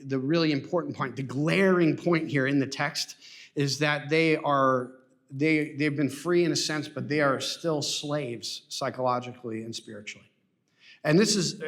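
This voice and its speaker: A man's voice: on the high side, fairly bright tone. Earnest man preaching a sermon. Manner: earnest, repeats himself, rhetorical questions. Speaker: pastor. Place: church sanctuary.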